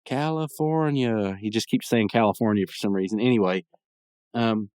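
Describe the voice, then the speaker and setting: A man's voice: lowish voice, steady tone, fairly quick, darkish tone, no echo, studio quality. A young man hosting a podcast, casually recapping a cartoon episode in a rambling way and chuckling as he acts out lines. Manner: rambling, laughs while retelling scenes, acts out lines. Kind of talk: casual solo commentary.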